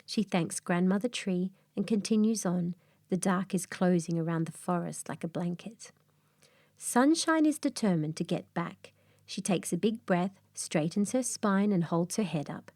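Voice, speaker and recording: A woman narrating a calm bedtime fairy tale in a soft, slow, soothing way, sometimes dropping to a whisper. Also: on the low side, no echo, studio quality. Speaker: storyteller.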